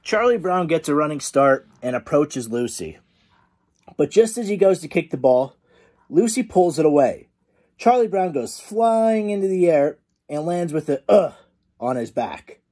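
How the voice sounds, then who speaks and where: Animated male teacher reading a storybook. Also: a little high, moderate pace. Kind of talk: storybook read-aloud for children.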